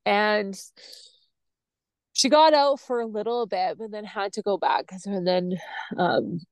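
A woman, a podcast guest, telling a personal story in an animated, blunt way, acting out other people's voices and swearing freely. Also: mid-range voice, a little slow, dry recording.

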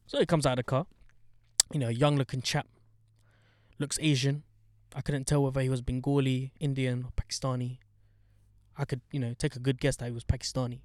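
A young man telling a story in casual chat, animated, swearing and getting heated as he talks. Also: a little fast, dry recording, clean studio sound. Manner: animated storyteller, swears, gets heated and high when indignant.

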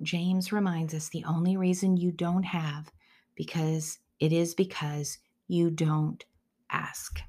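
Earnest middle-aged woman preaching softly. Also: lowish voice. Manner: earnest, often drops to a soft whisper. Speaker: Christian speaker. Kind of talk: devotional teaching.

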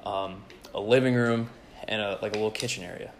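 A man's voice: on the low side, a little fast, slight background noise. A young man in casual chat, telling a crude story full of swearing and laughter. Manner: profane, animated, laughing storyteller.

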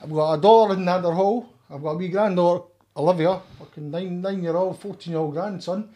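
Middle-aged scottish guy ranting hard, swears a lot, slightly high voice. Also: a little fast, mellow. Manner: emphatic, heated and sweary, with frequent restarts. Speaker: guest. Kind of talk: casual interview chat.

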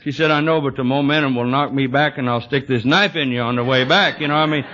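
A man tells tall, funny stories to a meeting audience in a dry, drawling storytelling voice. His voice is mid-pitched and plain. The sound comes from a dull, lo-fi old tape recording. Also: fast, pushed and bright. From Texas. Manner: dry, drawling humor with frequent "you know". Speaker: recovery speaker.

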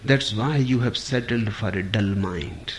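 A man giving a spiritual discourse, speaking in short phrases with long pauses between them. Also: on the low side, slight background noise. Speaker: spiritual teacher.

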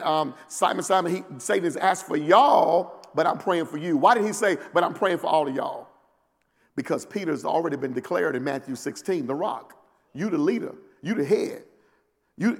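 A man preaching a sermon as pastor, swinging between low, quiet passages and loud, climbing peaks, with many amens and repeated words for emphasis. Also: vocal fry. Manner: call-and-response preaching with frequent "amen" and rising shouted peaks. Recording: long hall reverb.

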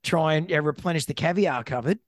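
A man's voice: fairly high pitch, a little fast, no echo. A man co-hosting a comedy podcast, trading dry wisecracks with frequent stammered restarts. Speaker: podcast co-host. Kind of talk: casual comedic podcast chat.

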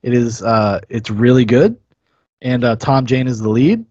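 A man who is a guest on a podcast, chatting casually and enthusiastically about films, profane and quick to laugh. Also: medium pitch, dark tone, no room sound, lo-fi sound. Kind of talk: casual film review chat.

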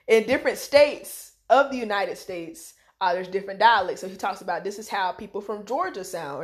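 Drawling North Carolina woman podcaster. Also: mid-range voice. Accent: Southern US, North Carolina. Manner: drawling, animated, acts out voices of people she quotes. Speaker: podcast host. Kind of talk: casual chat.

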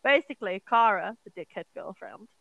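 A woman's voice: medium pitch, animated, fairly quick, gravelly, a bit bright, no room sound, muffled recording. A young woman co-hosting a podcast, casually retelling a film with lots of fillers, swearing and acted-out quotes. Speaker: podcast co-host.

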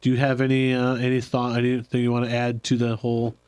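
A man's voice: medium pitch, completely flat delivery, fast, a little mellow, smooth, dry recording. A middle-aged man co-hosting a casual chat, rambling and correcting himself as he goes. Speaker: podcast co-host.

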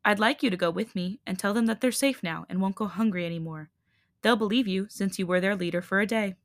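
A woman reading a tired but firm young male hybrid leader in a calm, steady voice. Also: mid-range voice, a little fast, no echo, studio quality, natural voice.

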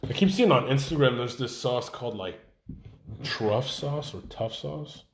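A man co-hosting a casual podcast chat, animated and swearing, often talking over the others. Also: medium pitch, a little slow. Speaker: podcast co-host. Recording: echoey room with noise.

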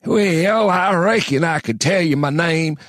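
A man voicing an ancient, wheezing old man from another planet, with a harsh, gravelly voice and a slow, folksy drawl. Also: fairly high pitch, a bit bright, dry recording, studio quality, voice pushed up.

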